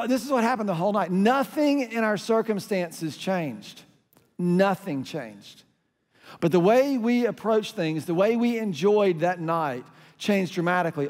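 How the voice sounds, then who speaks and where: A middle-aged man preaches a sermon as a pastor, telling stories that lead into call-and-response with the crowd. His voice is high-pitched with a darkish tone, and the recording has hall reverb.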